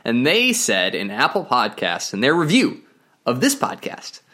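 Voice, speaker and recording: A man's voice: medium pitch, wildly swooping pitch, a little slow, sharp tone. A man hosting a podcast as a Bible teacher, talking in an upbeat, chatty way and laughing easily. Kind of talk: casual podcast talk.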